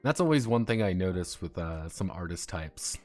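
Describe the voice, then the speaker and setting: A young man with a fairly low voice talks casually on a stream, blunt and direct. He rambles, restarts his sentences and laughs often, over faint music in the background. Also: lively intonation, moderate pace.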